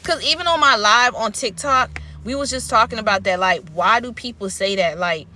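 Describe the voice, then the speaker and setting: Woman, vlogger, bright tone, a bit high-pitched, candid rambling rant, swears a lot. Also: moderate pace. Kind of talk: unscripted rant to camera.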